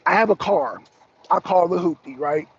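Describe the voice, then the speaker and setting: Husky-voiced man, animated live-stream talk. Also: sits high, normal speed, highs cut off. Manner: animated, talks to chat by name, swears. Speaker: political talk show host. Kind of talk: casual live-stream commentary.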